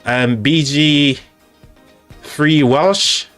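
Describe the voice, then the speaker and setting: A man with an English accent hosting a live stream, chatting casually in a halting way with frequent restarts. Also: a little high, a bit bright, soft background music.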